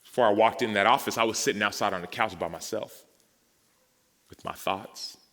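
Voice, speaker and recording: This men's summit speaker has a fairly low voice and a brisk delivery. Addressing an audience in a large hall with reverberant sound, he recounts a personal testimony, acting out its conversations and turning emotional and animated.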